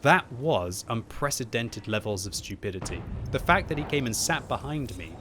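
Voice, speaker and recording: A man giving live gameplay commentary at home, thinking aloud and breaking into loud frustrated yelling. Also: medium pitch, normal speed. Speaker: gaming video host. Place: upstairs room at home. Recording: steady game noise behind the voice.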